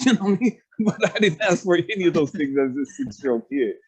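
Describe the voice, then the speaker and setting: A man's voice: high voice, lively intonation, fairly quick, slightly rough. A man telling a personal story over a video call in an earnest, emphatic way, repeating phrases and often asking "you know what I mean?". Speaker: speaker and life coach.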